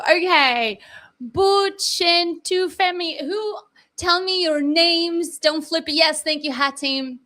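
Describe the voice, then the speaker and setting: A woman's voice: very high-pitched, expressive, extremely slow, pushed and bright. A woman hosting a live online class from home, chatting casually with viewers and swearing now and then. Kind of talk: casual live-stream chat. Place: home, in Dubai. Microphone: desk mic, sometimes moving away from it.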